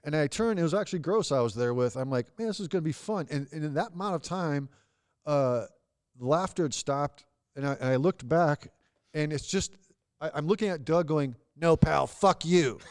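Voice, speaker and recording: Man, fairly high voice, casual storytelling, swears a lot, laughs through his punchlines. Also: moderate pace, darkish tone, smooth. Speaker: comedian guest.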